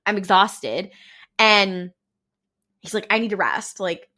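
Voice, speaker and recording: A woman's voice: mid-range voice, slow. A young woman co-hosting a podcast, casually retelling TV scenes and acting out the characters' lines. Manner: animated retelling with quoted voices and laughter. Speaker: podcast co-host. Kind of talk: casual recap chat.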